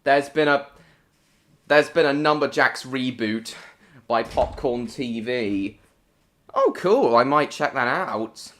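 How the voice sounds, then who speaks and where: A man's voice: mid-range voice, animated, takes it slowly, fairly bright tone. A British man hosting a casual live stream, greeting viewers by name and answering chat comments in short, broken phrases.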